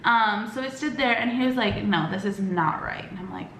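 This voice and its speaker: A woman's voice: mid-range voice, a bit bright, reverberant, slight background noise. A young woman vlogger telling a personal story in casual chat, rambling with lots of fillers and acting out quoted lines. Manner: acts out quoted lines with quick voice shifts.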